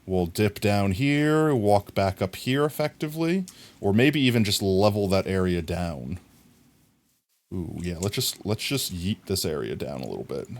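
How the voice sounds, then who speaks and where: A young man streaming live, chatting casually and thinking aloud as he builds in a game, playful and quick to laugh at himself. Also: low voice, expressive.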